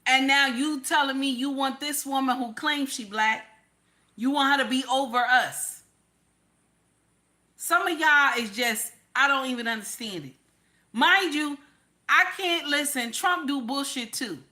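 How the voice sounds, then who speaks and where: A woman's voice: high voice, a little slow, bright, forceful tone. A woman host ranting in casual commentary, blunt and profane, repeating her lines for emphasis.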